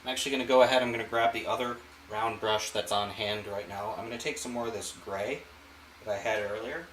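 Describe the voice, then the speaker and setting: A man with a slightly low voice hosts an art lesson, talking the viewer through each brushstroke in an easy, musing way. He is recorded in a roomy studio, with a faint hiss behind him. His talk stays unhurried and conversational. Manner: relaxed, thinks aloud while painting. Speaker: art channel host. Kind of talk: painting demonstration.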